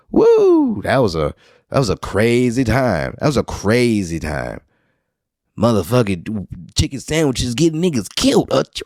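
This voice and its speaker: Rambling solo on his podcast, this New Orleans man tosses in wry, profane asides. The recording is clean studio audio without room sound, and his mid-range voice comes across a little mellow.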